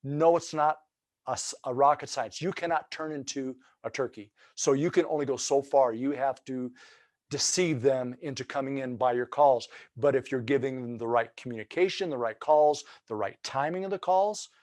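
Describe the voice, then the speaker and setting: A man's voice: medium pitch, a little mellow, no room sound, clean studio sound. Folksy man teaching turkey calling. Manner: folksy, loose and explanatory, with many restarts. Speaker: turkey hunting instructor. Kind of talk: webinar lesson.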